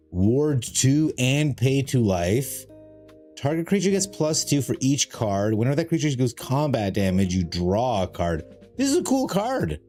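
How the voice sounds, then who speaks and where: Faint music plays as a man rambles through a card game on his live stream, cracking self-deprecating jokes. His greetings to viewers come in a high, sing-song, slightly mellow voice.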